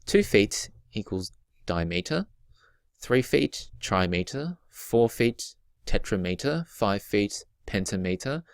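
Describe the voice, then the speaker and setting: A man with a very deep voice gives a patient recorded lesson, going over each point twice and sounding out rhythms. The sound is dry and close, with no room around it. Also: no room sound. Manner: patient, repeats key points, chants rhythms aloud. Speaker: teacher.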